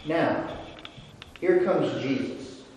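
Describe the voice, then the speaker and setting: Slow-preaching man in an echoey hall. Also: on the high side, darkish tone, distant mic, slight background noise. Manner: storytelling, acting out scripture and film scenes. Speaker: pastor. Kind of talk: sermon.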